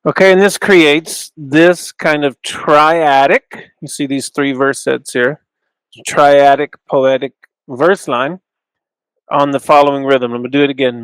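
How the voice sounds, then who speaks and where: A man giving an informal teaching talk, thinking aloud with restarts and slowing down to stress key terms, at times chanting short lines of Hebrew. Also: medium pitch, steady tone, a bit bright, clean tone, dry recording, rough recording. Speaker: Bible scholar teaching. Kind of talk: informal lecture with Hebrew recitation.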